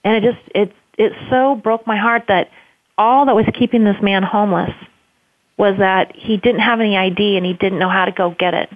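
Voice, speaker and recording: A woman's voice: medium pitch, steady tone, normal speed, dry recording. A woman who runs a homeless shelter, telling a story earnestly in an interview, with many fillers. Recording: tinny phone line, dry.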